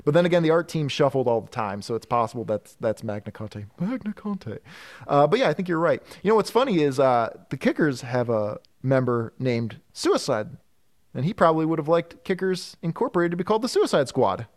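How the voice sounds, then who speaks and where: Lively-voiced man joking on a podcast. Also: on the high side, fairly quick. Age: 40s. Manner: joking, laughs often. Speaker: podcast co-host. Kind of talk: casual comic chat.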